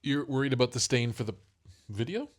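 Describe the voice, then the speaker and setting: A man's voice: mid-range voice, expressive, brisk, a little hiss or hum. A middle-aged father co-hosting a casual family podcast, rambling and self-deprecating as he explains things.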